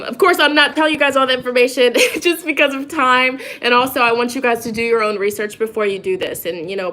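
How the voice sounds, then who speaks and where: A young woman chats openly to her followers, rambling from one thought to the next with plenty of fillers. Her voice sits a little higher than most. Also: a bit bright. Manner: rambling and candid, with many fillers and laughs. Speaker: psychic and tarot reader vlogging. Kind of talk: casual personal chat to viewers.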